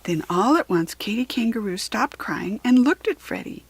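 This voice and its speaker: A woman reading a children's picture book aloud with expressive, animated storytelling. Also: fairly high pitch, normal speed, slightly rough, no echo.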